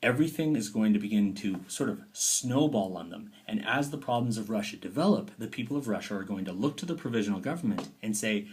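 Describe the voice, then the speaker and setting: Lively man teaching a history lesson. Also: fairly low pitch, fairly quick, hardly any pauses. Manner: lively, dips into playful whispers and mock quotes. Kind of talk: recorded history lecture.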